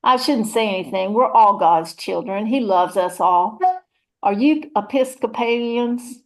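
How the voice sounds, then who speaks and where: A woman's voice: medium pitch, unhurried, close to an everyday voice. A woman voicing a chatty, churchgoing rural mama, rambling in a folksy, motherly way. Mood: chatty, gossipy. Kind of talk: one-woman audio play reading.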